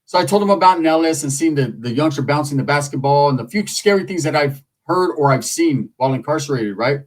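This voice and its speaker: A man's voice: on the high side, animated, fairly quick, distant mic, low-quality recording. A man from San Jose, California telling a long story in a profane, streetwise, rambling manner. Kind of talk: casual storytelling.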